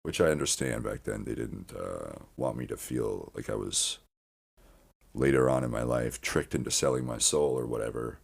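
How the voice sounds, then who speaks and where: Moderately paced and extremely deep, the male podcast host's gravelly voice drifts through a rambling monologue. He keeps doubling back mid-sentence, restarting often and cursing casually.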